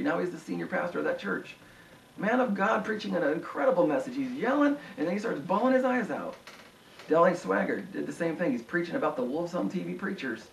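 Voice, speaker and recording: A man preaching a sermon with impassioned delivery, rising to high emphatic peaks. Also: lively intonation, fast talker, vocal fry, slight background noise. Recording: echoey room, voice from far off.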